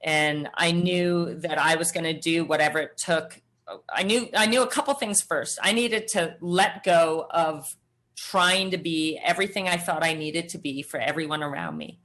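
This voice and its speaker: A middle-aged woman, a podcast guest, telling her personal story in an animated way and acting out the voices of others. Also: low-pitched, moderate pace. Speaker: guest, former triathlete. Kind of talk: storytelling interview answer.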